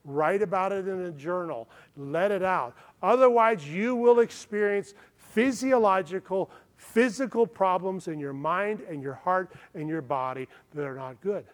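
A man with a high voice preaches a sermon as a pastor, earnest and often asking his listeners to follow along. His words ring out in a large hall with a long reverb tail. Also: measured pace, hardly any pauses.

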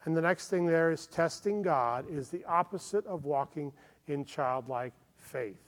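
A man with a high voice preaches a sermon as a pastor, earnest and often asking his listeners to follow along. His words ring out in a large hall with a long reverb tail. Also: measured pace.

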